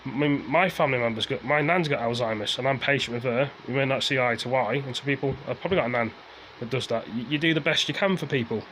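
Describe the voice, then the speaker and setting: A man venting into the camera in a loose, rambling rant. His voice sits at an ordinary middle pitch, and he circles back to the same points, swearing as his frustration builds. A faint hum of background noise sits behind him. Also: fast, few pauses, a bit bright, low-quality recording. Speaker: vlogger. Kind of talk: casual ranting to camera.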